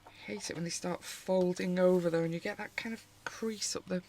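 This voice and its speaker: A woman's voice: on the low side, fairly even intonation, fairly quick, background noise. Chatty British woman at home. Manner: chatty and rambling, with frequent restarts and asides. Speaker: colouring channel host. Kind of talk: casual haul vlog.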